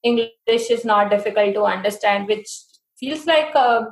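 A woman's voice: mid-range voice, moderate pace, echoey room. A woman from India co-hosting a podcast, chatting casually and giggling often. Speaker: podcast co-host. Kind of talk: casual chat.

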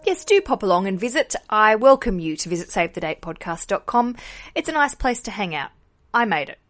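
A young woman talks through her podcast in a chatty, upbeat way. She answers listener questions with friendly advice and drops in quick asides as she goes. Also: mid-range voice, big pitch swings, a bit bright. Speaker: podcast host.

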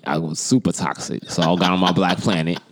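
A man's voice: low-pitched, steady tone, a little fast, crowd noise. A man with a New York accent in his thirties, co-hosting a podcast and telling a story in casual chat, acting out the lines of the people in it. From the Bronx, New York. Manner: laid-back storyteller, acts out quoted lines. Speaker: podcast co-host.

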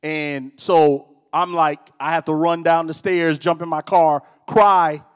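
Preaching a casual sermon, this middle-aged pastor speaks slowly and smoothly in a slightly high voice with fairly even intonation. Long hall reverb surrounds his conversational personal stories and teasing remarks aimed at the crowd.

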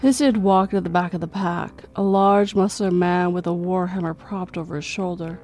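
Lady reading creepy stories, slow and steady, mellow voice, faint music. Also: on the low side. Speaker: horror story narrator. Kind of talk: scripted horror narration.

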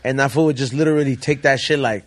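A man, hosting a podcast and telling stories in quick, profane, slang-heavy chat. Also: medium pitch. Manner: fast, slangy, profane chatter. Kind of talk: casual chat.

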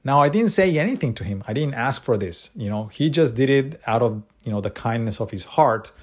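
A man's voice: medium pitch, animated, fairly quick. A man telling casual anecdotes to camera in a rambling way, with many restarts and asides. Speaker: vlogger.

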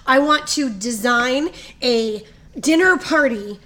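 A woman in her thirties co-hosting a podcast, chatting excitably and gushing. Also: on the high side, normal speed. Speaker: podcast co-host. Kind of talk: casual chat.

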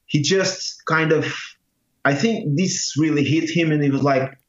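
A Portuguese man with a Portuguese accent and a slightly high voice tells a personal story casually, halting often with restarts and fillers. The room sound is echoey and muffled.

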